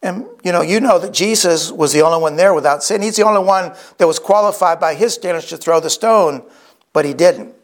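Higher-voiced man preaching a sermon. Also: fairly quick. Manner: earnest storytelling with repeated restarts. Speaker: pastor.

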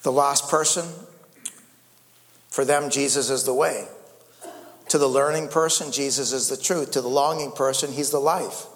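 A man's voice: medium pitch, steady tone, normal speed, pauses often, a bit bright, big-room sound. A male pastor preaching a sermon, often repeating words and calling out to the congregation. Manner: repeats words and restarts, calls out "amen" and "friends".

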